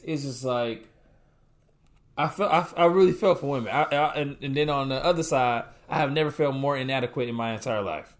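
A young man telling a casual story in a middle-pitched voice. He acts out his own reactions and quotes people as he goes. The talk is loose and conversational. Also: a little fast. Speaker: co-host, husband.

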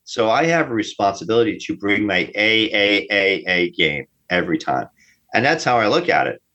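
An actor from New Jersey, appearing as a guest in a casual interview, speaks emphatically and keeps repeating himself. His voice is on the low side, sing-song, pushed and bright at a moderate pace, captured in dull lo-fi sound.

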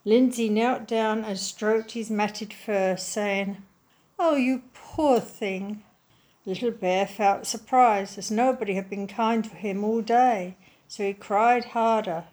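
A woman reading a children's story aloud in a slow, gentle, clearly enunciated way. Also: medium pitch, steady tone.

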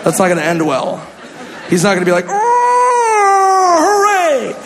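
A male stand-up comedian from Minnesota, telling a story in an animated, exaggerated way with sudden shouts. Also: sits high, fast talker, crowd noise. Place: comedy club stage. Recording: echoey club, audience laughter and noise.

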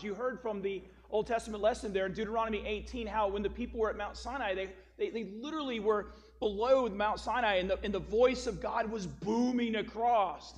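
High-voiced male pastor preaching a sermon. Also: slight background noise. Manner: storytelling, emphatic, rising to stress key words.

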